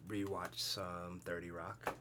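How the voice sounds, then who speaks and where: Laid-back low-voiced podcast man. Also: little pitch movement, slow, sharp tone, slight background noise. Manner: laid-back, brief replies. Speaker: podcast co-host. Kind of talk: casual chat.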